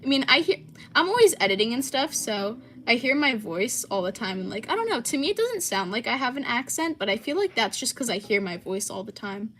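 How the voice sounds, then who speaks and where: A woman's voice: a little high, very animated, fairly quick, fairly bright tone, a little hiss or hum. A young American woman hosting a casual livestream and answering chat, with lots of ums and likes. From United States. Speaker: livestream host.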